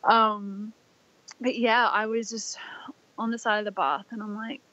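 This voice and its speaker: Young aussie woman chatting about her story, soft and rambly with loads of "like", flat dry slightly muffled audio. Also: on the high side, moderate pace, dry recording. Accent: Australian. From Australia. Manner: soft, rambling, many "like" fillers. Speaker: guest. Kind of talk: personal storytelling interview.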